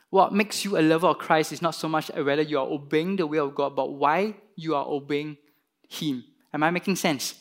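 A man preaching a sermon, retelling a parable and acting out its characters with lively emphasis. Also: a little high. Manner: animated, voices the parable's characters with rising emphasis. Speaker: pastor.

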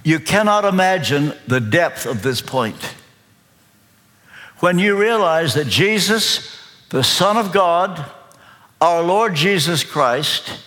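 A man with a Kentucky accent preaching a sermon as pastor, slow, deliberate and emphatic. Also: fairly high pitch, pushed and bright. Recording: long reverb of a large hall.

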